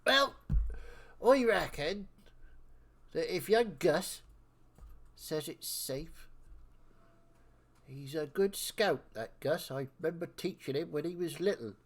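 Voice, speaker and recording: A man's voice: a little high, expressive, slow, long pauses, voice pushed up, exaggerated voice. Man doing a bossy old woman elder. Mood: folksy. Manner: blustering, folksy rural talk.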